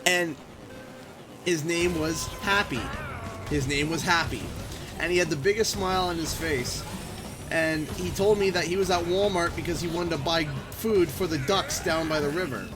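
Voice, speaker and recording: Canadian man, young adult, fairly high voice, rambling storyteller, loud game music behind. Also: normal speed. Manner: rambling, animated anecdote with many restarts. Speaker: live streamer. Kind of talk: casual live-stream storytelling. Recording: game music playing underneath.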